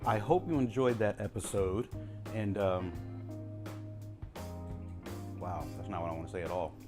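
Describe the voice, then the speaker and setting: Low-voiced man demoing a recipe. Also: a little slow. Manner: relaxed, chatty, gives step-by-step tips. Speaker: cooking vlogger. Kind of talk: casual cooking demonstration. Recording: home video with music behind.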